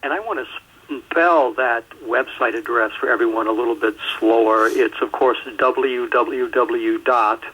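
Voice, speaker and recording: A male radio host with a husky, slightly breathy voice asks his guest questions at a steady, measured pace. The sound is a bit muffled and dull, and he spells out details slowly for the audience. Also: mid-range voice. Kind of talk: radio interview. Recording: muffled radio show audio.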